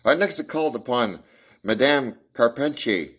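A man's voice: medium pitch, expressive, measured pace, slightly rough, voice pushed up. A man reading the part of a self-satisfied police detective. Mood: boastful. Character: Gregson, proud male police detective.

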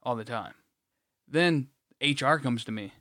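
A man's voice: medium pitch, expressive, measured pace, sharp tone, dry recording, clean studio sound. A man co-hosting a podcast, telling a rambling, blunt story in casual chat, swearing freely and restarting his sentences. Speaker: podcast co-host.

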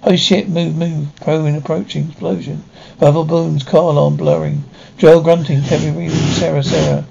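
A man reading dialogue and sound cues aloud in a flat, even way. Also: fairly high pitch, moderate pace, gravelly, slightly rough. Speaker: describer. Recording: dull lo-fi recording.

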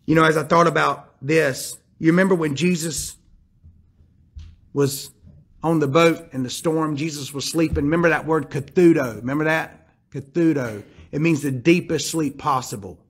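High-voiced animated preaching man. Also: moderate pace, breathy edge. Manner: animated storyteller, drops to hushed tones then builds emphatically. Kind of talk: sermon with personal story.

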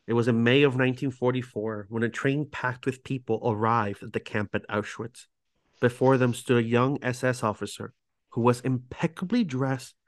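A man's voice: medium pitch, fairly even intonation, moderate pace, no room sound, studio quality. A man hosting a podcast, reading prepared narration with casual asides and stumbling over foreign words. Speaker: podcast host.

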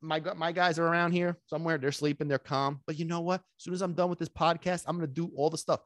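A man hosting a solo podcast as a dog trainer, talking in an excitable, emphatic way and dropping in Sicilian phrases and casual swearing. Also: a little high, no room sound, studio quality. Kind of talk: energetic solo podcast talk.

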